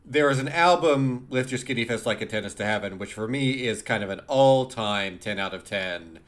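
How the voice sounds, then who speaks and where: A man's voice: on the low side, expressive, moderate pace, a bit bright. A man co-hosting a music podcast, talking casually with frequent laughter and repeated words. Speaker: podcast co-host. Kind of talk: casual chat.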